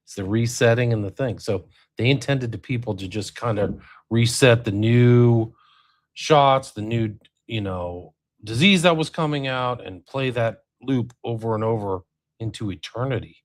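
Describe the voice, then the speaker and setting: A man's voice: medium pitch, moderate pace. A man co-hosting a casual discussion on a remote call, asking questions and steering the conversation. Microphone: remote call mic.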